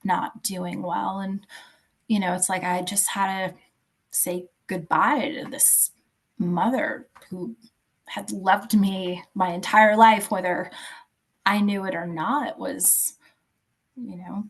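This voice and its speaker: Slow, gravelly woman in her fifties. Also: medium pitch, steady tone. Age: 50s. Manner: halting, soft, searching for words. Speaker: podcast guest. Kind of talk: personal storytelling in an interview.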